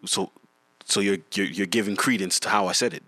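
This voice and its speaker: A man's voice: lowish voice, fairly even intonation, brisk, bright, forceful tone, dry recording. A young man co-hosting a podcast in casual banter, joking, laughing and restarting his sentences. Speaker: podcast co-host.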